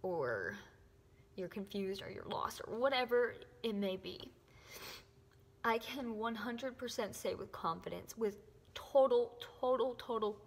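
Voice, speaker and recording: A young woman gives an earnest, emotional faith testimony to camera, often dropping to a soft whisper. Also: medium pitch, animated, a little slow, vocal fry, slightly rough. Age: young adult. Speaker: faith vlogger. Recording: echoey room with long reverb.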